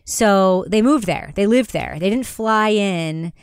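A woman hosting a podcast discussion, talking in a chatty, quick way and laughing often. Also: mid-range voice, clear, resonant tone, no echo, clean studio sound. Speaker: podcast host.

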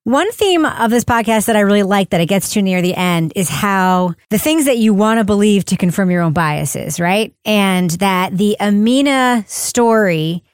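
A woman's voice: mid-range voice, lively intonation, normal speed, few pauses, smooth, no room sound, clean studio sound. A woman hosting a podcast, steering the discussion in casual chat and often checking in with "right?". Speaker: podcast host.

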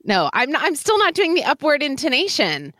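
A woman's voice: high-pitched, brisk, no echo. A woman co-hosting a podcast from a small closet, chatting casually and laughing at herself. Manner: self-deprecating, animated, laughs at herself. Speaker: podcast co-host.

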